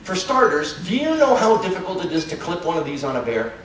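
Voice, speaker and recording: A man's voice: high-pitched, big pitch swings, quick pace. A man giving a playful, joking live lecture about wildlife in a large hall, recorded from far off. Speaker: nature lecturer. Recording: echoey hall from far off, noisy.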